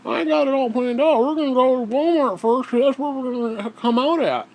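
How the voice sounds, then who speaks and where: A man putting on the high, nasal voice of a bossy, dim-witted male friend who drives a truck. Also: fairly quick, darkish tone. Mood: stubborn.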